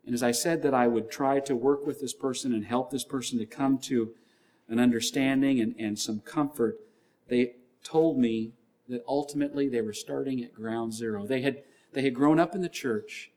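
A man's voice: medium pitch, moderate pace. A male pastor delivering a sermon in an earnest way, often repeating key lines and scripture references. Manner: acts out shouting gym trainers with a louder voice.

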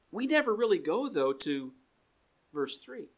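A man's voice: sits high, big pitch swings, a little fast, sharp tone. A man preaching a sermon in a conversational way, reading scripture aloud and adding joking asides, in a meeting room.

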